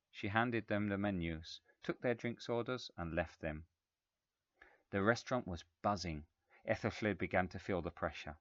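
A man narrating a story in a measured, even reading voice. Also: low voice, no echo. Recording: slightly dull, dry recording.

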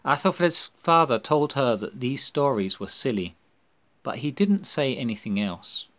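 Slow, expressive male storyteller. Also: mid-range voice. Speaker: narrator. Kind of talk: storybook narration.

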